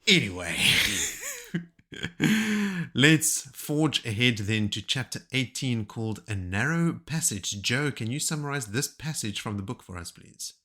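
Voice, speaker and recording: A man's voice: medium pitch, big pitch swings, unhurried, bright, forceful tone. A man co-hosting a casual book-discussion podcast, sharing notes with a joking tone and laughing often. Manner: joking, laughs between remarks. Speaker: podcast co-host.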